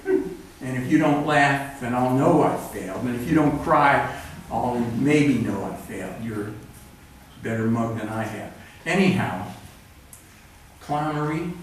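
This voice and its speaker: A man's voice: mid-range voice, a little slow, far from the mic, a little hiss or hum. A man reading from his own books at a live event, wry and plainspoken, with rambling asides between pieces. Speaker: author reading his work. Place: cultural center event room. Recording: roomy live recording from afar.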